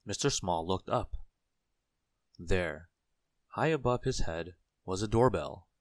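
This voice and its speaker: A man narrates a children's storybook in a very deep voice, taking his time over each line. The reading is gentle and clear, with a dry, close sound. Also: lively intonation, takes it slowly, no echo.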